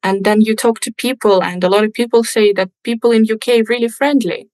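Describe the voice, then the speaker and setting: A woman's voice: fairly high pitch, brisk, no echo, rough recording. A young woman, a native Russian speaker, telling stories in casual conversation as a podcast guest, with many restarts. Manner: chatty, restarts often, lively storytelling. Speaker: podcast guest, English teacher.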